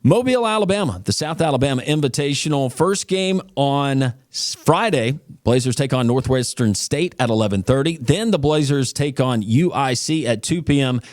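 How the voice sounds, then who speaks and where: A man's voice: medium pitch, animated, normal speed, a little mellow, dry recording. Upbeat male sports podcast host, dry studio sound. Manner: upbeat, punchy announcer delivery. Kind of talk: sports news roundup and interview.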